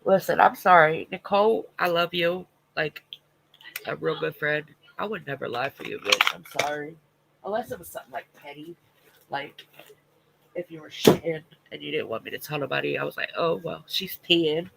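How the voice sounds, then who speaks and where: A man's voice: a little high, normal speed, creaky, heavy background noise. A man hosting a casual livestream, talking bluntly and with plenty of swearing as he responds to viewer comments, sounding congested with a stuffy nose. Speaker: livestream host.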